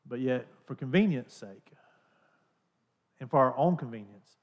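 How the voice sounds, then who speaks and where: A man's voice: medium pitch, animated, measured pace, lo-fi sound. A man in his thirties or forties preaching a sermon in a conversational, storytelling manner. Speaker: pastor.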